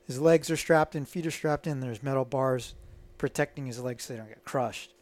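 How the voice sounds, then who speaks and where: A middle-aged man, a guest, telling stories in a casual, animated way and acting out the voices of people in them. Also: mid-range voice, normal speed. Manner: animated, acts out quoted dialogue. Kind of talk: casual storytelling.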